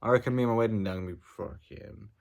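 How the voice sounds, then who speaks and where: A man's voice: on the low side, rapid-fire, vocal fry. A man talking casually in a vlog, rambling and joking, often trailing off into mumbled asides. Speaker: vlogger.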